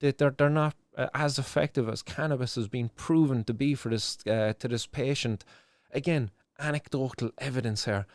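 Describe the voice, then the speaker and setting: A man's voice: mid-range voice, normal speed, no echo. A young Irish man hosting a live stream, talking with passion and swearing, with many restarts. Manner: impassioned, swearing, many restarts and "do you know". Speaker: stream host. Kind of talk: emotional live-stream commentary.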